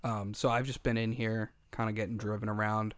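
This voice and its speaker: A man's voice: on the low side, little pitch movement, brisk, clear, resonant tone, dry recording. A man hosting a comedic podcast in casual chat, swearing freely and laughing often, with a small audience in the room. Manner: profane, joking, laughs often. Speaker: podcast host.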